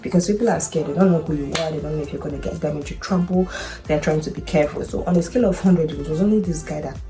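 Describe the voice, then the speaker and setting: A woman's voice: deep voice, quick pace, music in the background. A woman from Nigeria, a nurse, telling a personal story and giving advice in an earnest, chatty way full of "you know" and repeats. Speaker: international nurse, vlogger.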